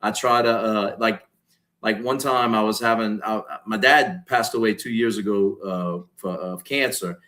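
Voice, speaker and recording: A man's voice: on the low side, measured pace. A man in his forties with a Louisiana Cajun accent, telling stories on a podcast and acting out quotes. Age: 40s. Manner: animated storyteller who acts out quotes loudly. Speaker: guest comedian and content creator. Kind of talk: casual podcast storytelling.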